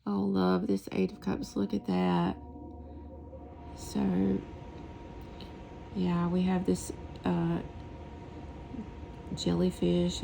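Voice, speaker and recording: A woman in a soft-spoken tarot deck flip-through, murmuring and whispering her delight at each card. Her voice is low and mellow, with a heavy gravelly fry. She takes her time and stretches out the words she admires. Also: slight background noise. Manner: hushed, often whispering, gushing over artwork.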